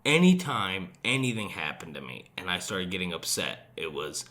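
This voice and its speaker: A young man with a Utah accent, his voice bright and bouncing lively up and down as he tells stories. He swears freely in a loose, casual podcast chat. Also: sits low, normal speed, few pauses. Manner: profane, animated storytelling. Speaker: podcast co-host.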